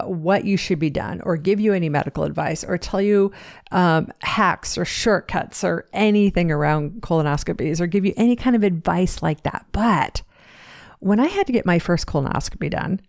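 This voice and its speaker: A woman host talks candidly into a close microphone, mixing jokes with frequent fillers, restarts and stumbles. Her voice sits low for a woman and sounds dry and close. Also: animated, moderate pace, gravelly, no echo. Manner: frank and joking, with many fillers and restarts. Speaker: podcast host and fitness coach. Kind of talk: candid personal podcast monologue. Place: seated at a home podcast desk. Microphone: studio microphone, seated.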